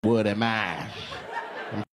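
A male stand-up comedian doing live crowd work, teasing audience members with quick questions and laughing asides. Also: lowish voice. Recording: live show with loud crowd and noise.

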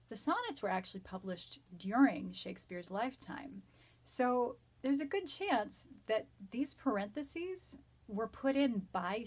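A woman teaching a Shakespeare sonnet from home, reading verse lines slowly and then explaining them in an enthusiastic, nerdy, chatty way. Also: mid-range voice, husky. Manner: enthusiastic, self-described nerdy. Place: home during quarantine.

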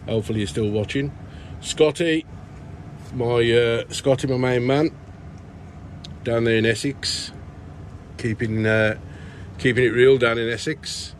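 A middle-aged man chatting casually in a vlog, rambling through shout-outs with lots of fillers and restarts. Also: medium pitch, steady tone, unhurried, long pauses, a little hiss or hum. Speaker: plant grower vlogger. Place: indoor grow tent.

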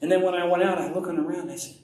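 A male pastor preaching a sermon slowly and earnestly, often dropping to soft murmurs and rising with feeling. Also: sits high, steady tone. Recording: echoey room, mic at a distance, faint ambient noise.

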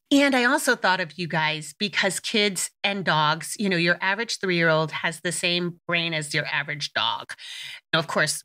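Middle-aged woman podcast host, kinda low voice but bright and forceful, chatty and animated. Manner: animated storytelling, swears casually, laughs often. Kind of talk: casual chat.

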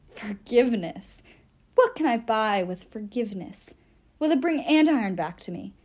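A woman's voice: fairly high pitch, lively intonation, moderate pace, warm tone. Woman doing a grumpy old elf dad, cold and snippy, voice swings up and down a lot. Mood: stern, scornful. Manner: cold, scolding, clipped. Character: stern bitter old male elf father.

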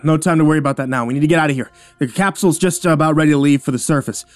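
Urgent young male crewman, voiced by the narrator, raised pitch, anxious storybook delivery. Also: very fast, dry recording, faint music behind, lightly acted.

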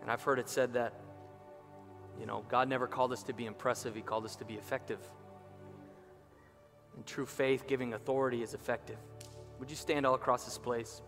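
A man preaching a sermon as pastor, impassioned, slowing down and rising for emphasis. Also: mid-range voice, little pitch movement, a bit bright. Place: church sanctuary. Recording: reverberant church hall with music behind.

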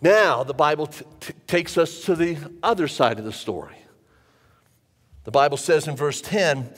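A pastor preaching a sermon to a live congregation in a church, talking conversationally and repeating phrases for emphasis. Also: male voice, on the high side, animated, measured pace, fairly bright tone. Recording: long church reverb.

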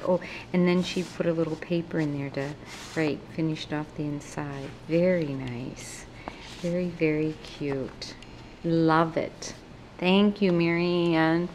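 A woman vlogger opening craft mail on camera, gushing over each item and thanking senders by name in casual chat. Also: low-pitched. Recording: faint background noise.

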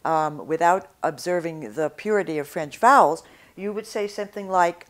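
A woman teaching French pronunciation in a video lesson, explaining clearly and slowly modeling sounds. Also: fairly low pitch, expressive, fairly bright tone.

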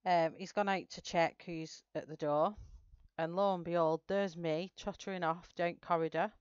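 A woman's voice: lowish voice, fairly even intonation, moderate pace, clear, resonant tone, no echo, dull audio. A woman chatting casually with viewers while she colors, telling a story. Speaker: artist livestreaming a coloring session.

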